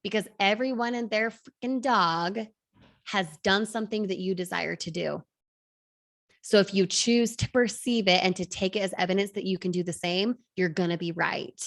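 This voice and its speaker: A woman in her thirties coaching an online class, energetic, firing rhetorical questions at the audience. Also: medium pitch, normal speed. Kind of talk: motivational class talk.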